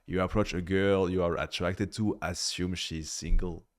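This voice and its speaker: A man's voice: sits low, flat delivery, normal speed. A man giving blunt, critical reaction commentary in a casual way, swearing freely. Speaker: video reviewer.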